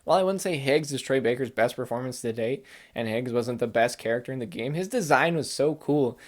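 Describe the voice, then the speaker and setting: A man's voice: mid-range voice, lively intonation, a little fast. A young adult man in a casual chat, rambling with enthusiasm and acting out quoted lines in put-on voices. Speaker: game reviewer.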